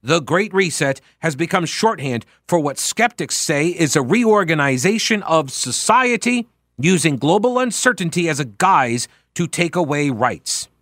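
A man with a somewhat high voice hosts a political talk show in a sarcastic, mocking tone, hammering his points home with emphasis. The studio sound is dry and close, with no room around it. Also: big pitch swings, unhurried, a bit bright, no echo. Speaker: radio talk show host. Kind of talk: opinionated political talk monologue.

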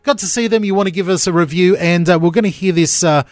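Man co-hosting morning radio, loose rambling banter, voice a bit higher than most men, dry close studio mic. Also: quick pace, darkish tone, dry recording. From Australia. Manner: chatty, laughing, rambling with fillers. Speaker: radio co-host.

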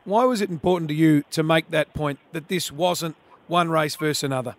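A man's voice: a little high, a little fast. A man with an Australian accent hosting a radio interview in a matey, self-deprecating way. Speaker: radio host.

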